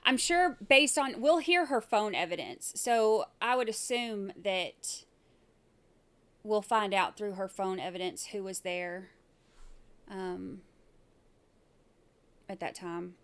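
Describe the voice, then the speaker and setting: A woman's voice: mid-range voice, slow pace, long pauses, a bit bright. A woman hosting a casual livestream about a trial, talking in a chatty, rambling way with lots of fillers. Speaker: host of a live trial commentary stream.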